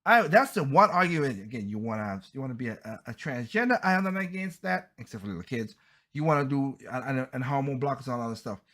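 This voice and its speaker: A man's voice: mid-range voice, expressive, quick pace, a bit bright. A man hosting a podcast, giving heated, blunt opinion commentary and often stumbling over and repeating his words. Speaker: podcast host.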